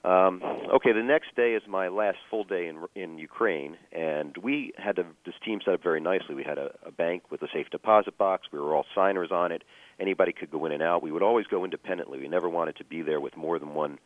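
A man telling a personal story as a guest, measured and full of fillers and restarts. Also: low-pitched, dry recording, phone-quality sound.

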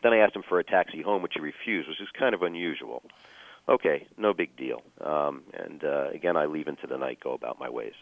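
A man telling a personal story as a guest, measured and full of fillers and restarts. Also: extremely low pitch, vocal fry, no echo, narrow, tinny audio.

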